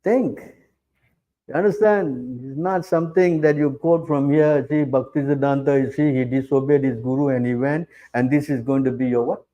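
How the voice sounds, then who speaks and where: A man's voice: mid-range voice, fairly even intonation, normal speed, warm tone, muffled recording. A middle-aged man giving a scripture class as a preacher, challenging his listeners and often asking rhetorical questions. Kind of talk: sermon.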